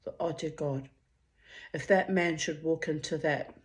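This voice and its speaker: A woman's voice: low voice, unhurried. A middle-aged woman, telling a story to her channel in a blunt, profane and dramatic way. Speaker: vlogger. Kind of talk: casual storytelling monologue.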